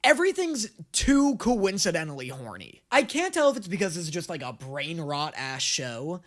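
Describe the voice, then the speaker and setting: A young man giving casual, jokey and crude anime reaction commentary, getting excitable. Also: a little high, moderate pace. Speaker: reaction video host.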